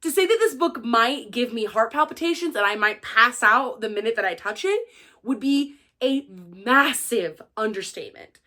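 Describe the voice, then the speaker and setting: A woman book vlogger chatting to camera in an excitable, gushing and dramatic way. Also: on the high side, moderate pace. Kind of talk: casual chat to camera.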